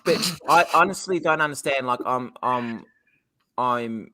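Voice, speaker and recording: A young Australian man with an Australian accent, chatting casually on a podcast, rambling, excitable and swearing a lot. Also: mid-range voice, a little slow, a little hiss or hum. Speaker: podcast co-host. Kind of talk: casual chat.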